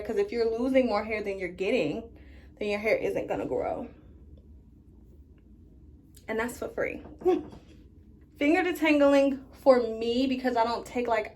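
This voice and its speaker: A woman vlogger chatting casually through a hair care tutorial, talking straight to her viewers. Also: on the high side. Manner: chatty, addresses viewers as you guys. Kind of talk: casual tutorial talk to camera.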